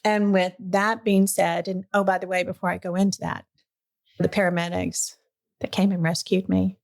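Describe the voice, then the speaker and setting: A woman's voice: on the low side, moderate pace, vocal fry. Earnest middle-aged woman telling a story. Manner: lively, earnest storyteller, often emotional. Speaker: podcast host. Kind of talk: personal storytelling in a casual chat.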